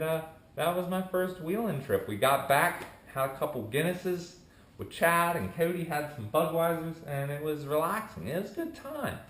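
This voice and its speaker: A young man vlogging, telling a rambling story in a casual way and acting out what his friends said. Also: on the high side. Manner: animated, rambling, acts out quoted friends. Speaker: vlogger starting a channel. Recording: echoey room.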